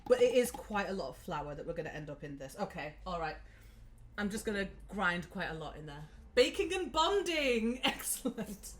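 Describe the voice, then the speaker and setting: A woman's voice: fairly low pitch, lively intonation, a little fast, soft background music. A woman hosting a live cooking stream from her home kitchen, chatting casually and giggling as she talks through each step.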